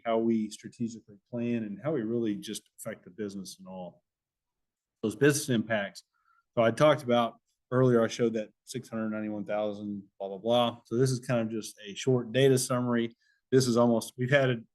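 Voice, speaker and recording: A man's voice: fairly low pitch, darkish tone. Man giving a conversational talk. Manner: conversational and explanatory. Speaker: safety presenter. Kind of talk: conference presentation with audience Q&A.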